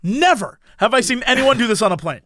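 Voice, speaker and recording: A man with a notably high voice, recorded close and dry with no room sound. He tells his story in an animated way, laughing often and slipping into the voices of the people in it. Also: a little fast, dry recording. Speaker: podcast host telling a story. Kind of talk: casual storytelling chat.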